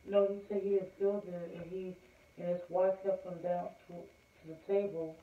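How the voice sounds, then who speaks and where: Woman with mid-range voice, short matter-of-fact interjections, tinny phone-like sound, roomy echo, clear hiss. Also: fairly low pitch, flat delivery, moderate pace. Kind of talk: casual chat. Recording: tinny phone-like sound in an echoey room with noise.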